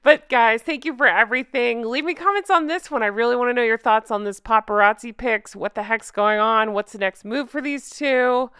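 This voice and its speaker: Bright clear-voiced Southern woman host. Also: a little high, a little fast, few pauses, no echo, studio quality. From American South. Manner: chatty, effusive thanks to viewers. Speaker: channel host. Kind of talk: casual chat.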